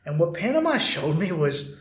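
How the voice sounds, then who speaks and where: Animated, profane American man in a roomy space. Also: a little high, normal speed. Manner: animated, profane, acts out mock quotes. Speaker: podcast host. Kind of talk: casual monologue. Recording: roomy echo.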